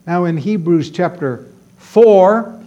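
A man's voice: high-pitched, lively intonation, takes it slowly, dark tone, highs cut off. A man preaching a sermon, emphatic and repeating key words for stress.

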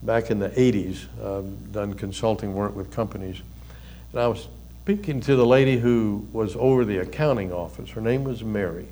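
Speaking at normal speed in a fairly low voice, an older pastor and counselor gives a chatty sermon, sprinkling in homespun stories and gentle laughter.

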